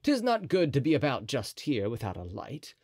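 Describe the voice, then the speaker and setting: A man's voice: medium pitch, huge pitch swings, normal speed, a little mellow, husky, no room sound, heavily acted. A man doing a cocky, teasing swordsman. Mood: mocking. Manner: confident, teasing, courteous. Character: bold, mocking young Gascon swordsman.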